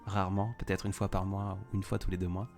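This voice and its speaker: Music plays behind a man with a low voice who speaks quickly and flatly. French is his first language, and as a livestream host he chats casually, reads viewer comments, and rambles, restarting sentences while answering.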